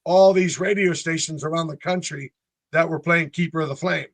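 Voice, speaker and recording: With no room sound and a moderate pace, a slightly high-voiced man shares stories in a casual interview. He's a North Carolina band member in his sixties and an animated storyteller who imitates the voices of the people he describes.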